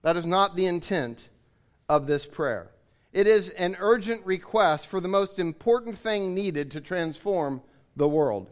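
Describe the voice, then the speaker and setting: A man preaching a sermon, explaining his points in an earnest way and restating them. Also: fairly high pitch.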